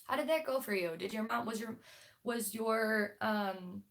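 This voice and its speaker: A woman's voice: fairly high pitch, measured pace, creaky. A young woman hosting a book club livestream, talking casually and bluntly with lots of fillers and restarts.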